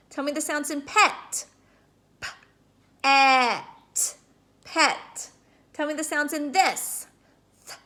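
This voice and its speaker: A woman teaching a remote phonics lesson to kindergarteners, patiently sounding out words slowly and checking in with "okay?". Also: high voice, sharp tone. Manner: slow, drawn-out sounding out of words.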